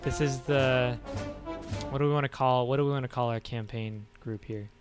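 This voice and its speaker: A man's voice: medium pitch, steady tone, moderate pace, clean tone, no room sound, soft background music. Playful man in mock-reporter banter.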